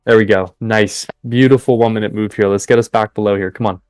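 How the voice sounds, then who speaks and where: Excitable man calling live trades. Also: fairly low pitch, a little fast, clear, resonant tone, no echo, studio quality, soft background music. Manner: excitable, chatty, cheers at the market. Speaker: live trading stream host. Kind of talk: live trading commentary with chat.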